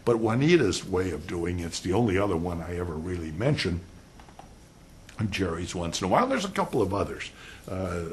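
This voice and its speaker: A man's voice: low-pitched, a little hiss or hum. An older man giving a law lecture, telling stories animatedly and acting out quotes. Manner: animated storytelling, acts out quotes.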